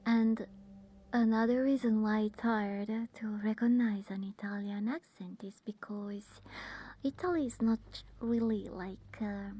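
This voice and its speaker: A woman talks to her livestream viewers in a soft ASMR whisper. Her voice is breathy and mellow, and her pace is slow. She often stops and restarts with small fillers. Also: medium pitch, fairly even intonation. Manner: halting, with many fillers. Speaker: ASMR streamer.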